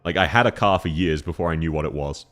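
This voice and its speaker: A man's voice: extremely low pitch, fast talker, a bit bright, faint music behind. A man streaming a Q&A, answering chat questions in a playful, teasing way and laughing often.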